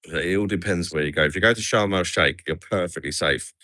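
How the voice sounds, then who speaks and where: A man's voice: low-pitched, fairly quick, bright, forceful tone, no echo. An English man chatting casually on a livestream, calling everyone "mate". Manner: chatty, says "mate" a lot. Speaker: livestream host. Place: outdoors at night in a resort town.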